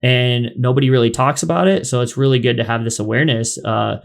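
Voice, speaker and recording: A man's voice: medium pitch, steady tone, quick pace, gravelly. A man hosting a podcast in casual chat, rambling with lots of fillers. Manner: rambling, filler-heavy, chatty. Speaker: podcast host.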